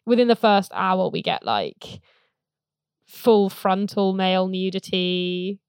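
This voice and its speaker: A woman's voice: mid-range voice, lively intonation, slow pace, clean tone, no room sound, studio quality. A woman co-hosting a podcast, chatting casually about a film, laughing often and mocking what the characters say. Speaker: podcast co-host. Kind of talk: casual film review chat.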